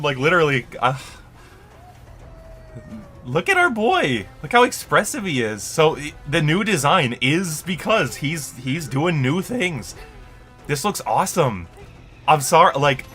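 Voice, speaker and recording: A man streaming a live reaction, excitable and emotional, swinging from muttered guesses to shrieking and crying with joy. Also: a little high.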